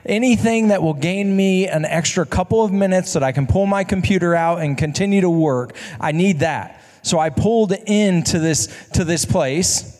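A man's voice: sits high, normal speed, a little mellow. A man telling a story from the pulpit in a chatty, conversational way, often restarting his sentences and tossing in asides to the listeners. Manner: conversational, self-correcting, rhetorical asides. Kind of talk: storytelling sermon. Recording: long reverb of a large hall.

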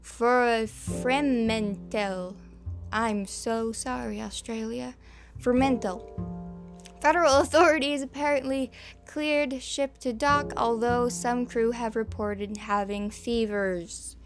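A woman with a fairly high voice reads news slowly and with fairly even intonation while music plays in the background. She's a podcast host giving casual commentary, her Southern American accent slipping in as she mangles names and adds sarcastic asides.

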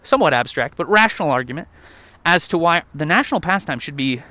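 A man's voice: on the high side, expressive, fast, sharp tone, no room sound. A young man rambling and joking with lots of swearing while walking a trail outdoors. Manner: profane, rambling, jokey. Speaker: vlogger. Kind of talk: casual rant while walking.

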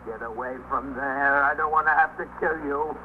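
Over a tinny old radio broadcast with faint hiss, an actor voices a paranoid, unstable man holed up with a gun, ranting in 1950s radio drama fashion. He repeats himself agitatedly, lurching from threats to self-pity. His natural mid-range voice keeps a fairly even intonation and normal speed.

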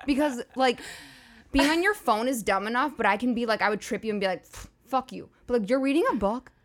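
Woman comic from new york, fairly high voice, lively jokey chat, swears a lot. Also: quick pace. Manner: animated, joking, swears freely. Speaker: stand-up comedian. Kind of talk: casual podcast chat.

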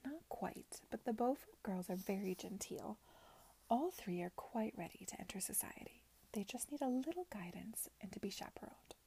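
A woman reading aloud softly, voicing a gossipy, confiding middle-aged chaperone in a whispered reading. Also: medium pitch, expressive, normal speed, gravelly. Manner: confiding, hushed.

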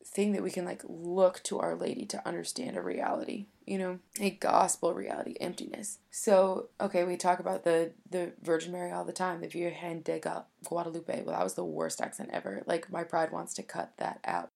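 Gravelly-voiced woman musing on faith. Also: fairly low pitch, expressive, fairly quick, hardly any pauses, darkish tone. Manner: chatty and reflective, heavy use of "like". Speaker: podcast co-host. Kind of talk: casual faith chat.

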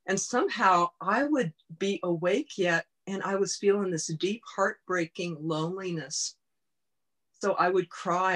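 A woman's voice: fairly low pitch, unhurried, fairly bright tone. Earnest woman coach telling her story. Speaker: guest, body-mind coach. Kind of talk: personal storytelling in interview.

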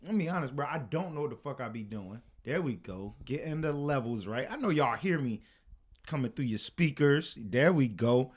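A man co-hosting a podcast, talking casually and profanely, laughing often and telling stories with lively energy. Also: medium pitch, moderate pace, husky. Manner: profane, laughing, animated storytelling. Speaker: podcast co-host. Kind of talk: casual chat. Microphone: studio podcast mic.

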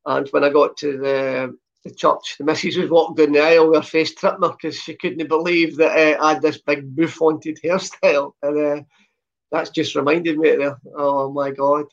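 This former footballer, a Scot in his fifties with a softened Glasgow accent, relaxes into chatty storytelling as an interview guest, using lots of "uh" fillers. His fairly high voice has vocal fry and little pitch movement, delivered at a moderate pace. The recording is dull and lo-fi.

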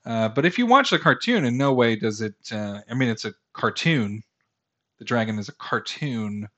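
A man in his thirties talks through his podcast in a loose, meandering way. He stumbles over restarts and fillers and pokes fun at himself. His voice sits at a middle pitch, and the recording sounds slightly muffled and lo-fi. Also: lively intonation, normal speed, a bit bright. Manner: rambling, self-deprecating, with many fillers and restarts. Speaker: podcast host. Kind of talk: casual solo podcast commentary.

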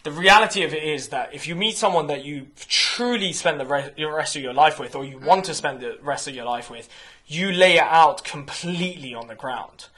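Podcast guest, young man, bright high voice, swears freely, lots of restarts. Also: moderate pace. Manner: frank, profane, animated storytelling with repeated restarts. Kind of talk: candid casual chat.

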